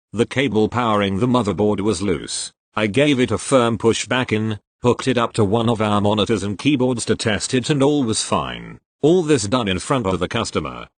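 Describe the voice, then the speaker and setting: Man reading stories aloud, low voice, lively pitch swings, dry storytelling, quotes given small voice shifts. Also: no room sound. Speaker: narrator reading posts aloud.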